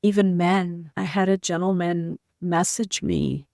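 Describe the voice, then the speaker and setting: Gravelly-voiced woman telling her story. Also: lowish voice, steady tone, a little mellow, no room sound, clean studio sound. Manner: earnest, heartfelt storytelling; slow, halting phrasing with short pauses. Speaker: podcast guest. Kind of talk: personal story told in an interview.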